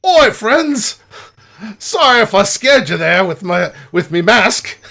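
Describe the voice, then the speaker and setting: A man's voice: high-pitched, big pitch swings, normal speed, sharp tone, slightly rough, voice pushed up, full character voice. A man voicing a roguish hooded human man who talks in a thick put-on accent, hearty and effusive.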